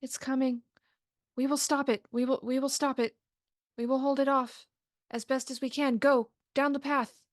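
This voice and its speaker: Small strange creatures, higher than a plain voice, urging the others onward in short, clipped bursts, voiced by a woman. The sound is dry and close. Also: level tone, moderate pace, dry recording, close to an everyday voice. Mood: urgent.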